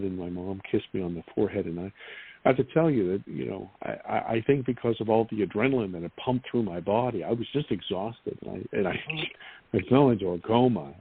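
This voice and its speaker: A man in his fifties earnestly retelling a personal experience as an interview guest, halting and restarting as he goes. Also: fairly low pitch, creaky, husky. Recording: tinny dry phone-like line.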